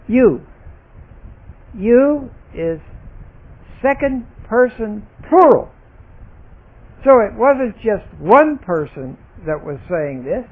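A man leading a Bible study lesson, explaining grammar deliberately and stressing single words. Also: high-pitched, slightly rough. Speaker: Bible teacher. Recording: tinny phone-like recording.

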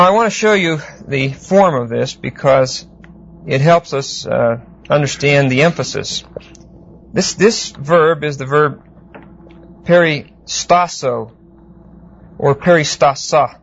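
A man teaching a Bible exegesis class, unhurried and explanatory, often pausing to check that listeners follow. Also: on the high side, gravelly. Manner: unhurried, explanatory, with frequent fillers and check-ins. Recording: dull lo-fi lecture recording.

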